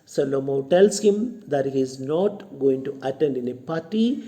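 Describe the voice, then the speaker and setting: A man's voice: mid-range voice, expressive, measured pace, mellow. A male college English lecturer with an Indian English accent, explaining a play to students and retelling each line in simple words.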